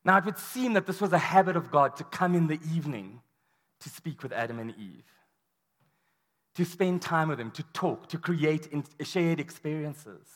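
High-voiced man preaching in a reverberant hall. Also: normal speed. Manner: animated storytelling, acts out quoted voices. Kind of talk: sermon. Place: large hall or church.

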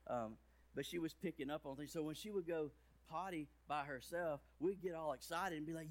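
A man's voice: fairly quick, slight background noise. A man in his thirties, a pastor giving a playful children's sermon with jokes and big swings in his voice. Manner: playful, jokey, big swings in pitch and volume.

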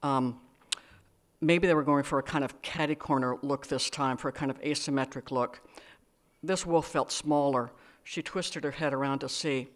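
A woman's voice: very deep voice, steady tone, normal speed. A woman author reading her own fiction aloud, with wry, dry asides and hesitant fillers. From United States. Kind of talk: live literary reading with asides.

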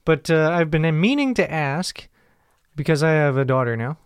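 Thirties male co-host, laughs easily, a bit high-pitched. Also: animated, normal speed, smooth, no echo, studio quality. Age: 30s. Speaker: podcast co-host. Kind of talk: casual comedic banter.

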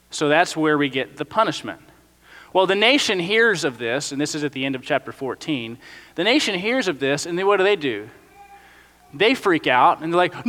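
Brief: young male pastor, high bright voice, hall reverb, chatty sermon style. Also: fairly quick. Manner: casual, animated storytelling with frequent "like".

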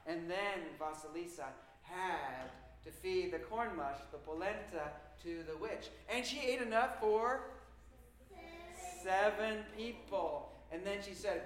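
A man telling a spooky folktale in an animated, suspenseful way with dramatic pauses. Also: high voice. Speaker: storyteller. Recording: echoey room with faint noise.

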